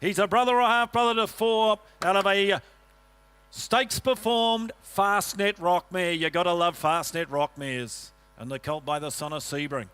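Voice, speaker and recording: An auctioneer rattles off a rapid, rhythmic rolling chant of bid calls in a sale ring, tossing joking asides to the bidders. His high voice is clean and a bit bright, at a normal speed.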